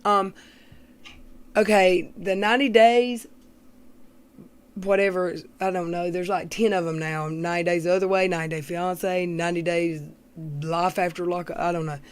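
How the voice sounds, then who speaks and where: A woman's voice: on the low side, steady tone, normal speed, pauses often, clean tone. A woman hosting a livestream, chatting casually with viewers in a blunt, rambling, gossipy way. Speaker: livestream host. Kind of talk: casual chat with live viewers.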